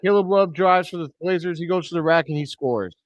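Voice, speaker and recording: A man hosting a live reaction stream, giving blunt, excitable play-by-play commentary with loud outbursts. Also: a little high, fairly quick, no room sound. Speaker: host of a fan reaction stream.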